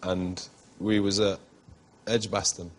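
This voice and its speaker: A man's voice: low-pitched, flat delivery, slow pace. A middle-aged man, telling anecdotes as a guest in a TV interview and laughing often.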